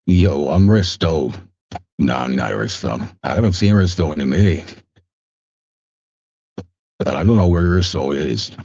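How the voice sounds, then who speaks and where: Very deep, husky laid-back man. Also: animated, normal speed, long pauses, a little mellow, no echo. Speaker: streamer. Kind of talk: casual chat. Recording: dry, dull lo-fi sound.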